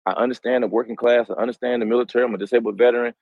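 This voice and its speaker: A man's voice: medium pitch, fairly even intonation, very fast, dry recording. Earnest North Carolina man on call. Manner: earnest, self-promoting. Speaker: caller, political candidate. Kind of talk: casual call-in talk. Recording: dull lo-fi call line.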